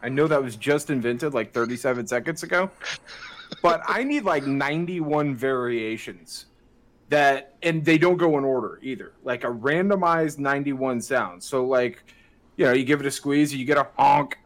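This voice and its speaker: A man's voice: mid-range voice, moderate pace, fairly bright tone. Enthusiastic man riffing in casual chat. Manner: riffing enthusiastically, fillers like 'dude' and 'like'. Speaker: podcast co-host.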